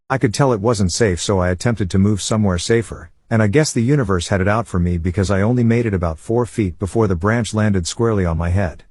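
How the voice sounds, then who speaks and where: A man narrating online stories aloud in a steady, even reading voice. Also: lowish voice, slightly rough, no echo, clean studio sound.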